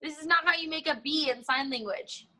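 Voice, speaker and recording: A woman runs a children's martial arts class over a video call, her voice high and bright. She teases the kids playfully and keeps things upbeat. The sound is that of a laptop call. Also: fairly quick.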